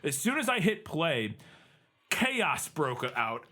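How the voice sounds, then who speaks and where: A man's voice: a little high, very animated, slow, bright, forceful tone. A man hosting a podcast about bad movies, chatting casually, swearing freely and laughing often. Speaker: podcast host.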